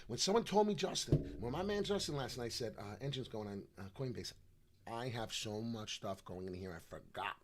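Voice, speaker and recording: A brash man with a New York accent, rambling excitedly on a live crypto chart stream, jumping between loud outbursts and low mutters. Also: moderate pace, a little hiss or hum. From New York / New Jersey. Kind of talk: casual live stream chat.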